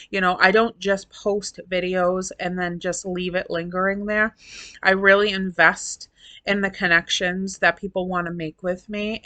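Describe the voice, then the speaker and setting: Brief: middle-aged woman vlogger, low-ish voice with a bright, forceful edge, gushing and rambling, dry close sound. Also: dry recording. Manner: effusive and emotional, rambling. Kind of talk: casual chat to viewers.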